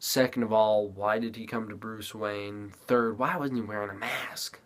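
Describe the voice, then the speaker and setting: Man, movie reviewer, casual rambling talk, acts out quotes, low voice. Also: steady tone, moderate pace.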